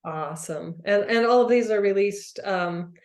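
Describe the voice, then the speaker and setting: An American woman hosting an interview, speaking in a halting way with frequent restarts. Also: medium pitch, a little mellow, reverberant. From United States, lives in Arizona. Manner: halting, many restarts and repeated words. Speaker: interview host. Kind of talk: casual interview conversation.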